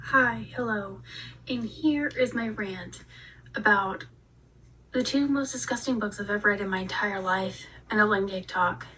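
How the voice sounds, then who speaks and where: A woman vlogger ranting in a casual, animated way, telling a story with dramatic asides. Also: medium pitch, measured pace, far from the mic, slight background noise, rough recording. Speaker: book reviewer vlogger. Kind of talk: casual rant.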